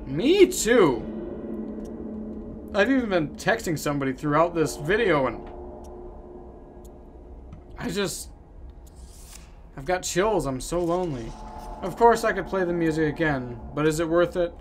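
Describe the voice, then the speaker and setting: A man playing through a game on camera, with goofy, theatrical commentary and sudden loud outbursts. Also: on the high side, lively intonation, normal speed, pauses often, slight background noise. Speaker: gaming YouTuber. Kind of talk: let's play commentary.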